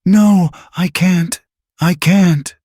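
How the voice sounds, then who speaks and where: A man's voice: deep voice, moderate pace, no room sound, studio quality, natural voice. A man voicing a frightened young woman cashier who stammers in panic. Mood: panicked.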